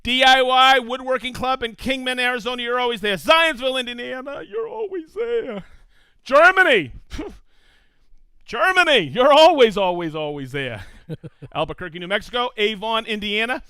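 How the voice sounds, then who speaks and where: A man hosting a live tool demonstration stream in casual chat, excitable and whooping. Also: very high-pitched, normal speed, clean tone, dry recording. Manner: excitable, reads out viewer shout-outs with whoops.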